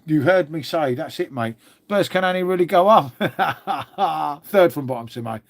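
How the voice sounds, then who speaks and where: Chatty middle-aged man, rambling and slangy. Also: a little high. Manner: rambling, chatty, swears freely, calls everyone mate. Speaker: live stream host. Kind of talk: casual live stream chat.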